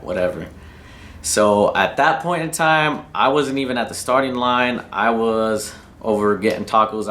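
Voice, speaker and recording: This racing vlogger from New Mexico has a fairly low-pitched, fairly bright voice. He casually tells a drag racing story, slangy and rambling, cursing freely.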